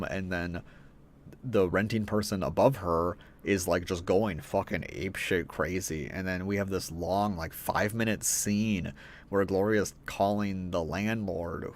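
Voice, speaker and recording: Man, film review rant, profane, exasperated, lower pitch. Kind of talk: ranting movie review.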